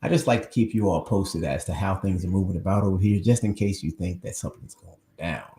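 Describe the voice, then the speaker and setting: A man's voice: deep voice, fast talker, warm tone, roomy sound. A man hosting a live online show from his home on a new microphone, talking casually and rambling straight to his viewers. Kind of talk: casual live-stream chat.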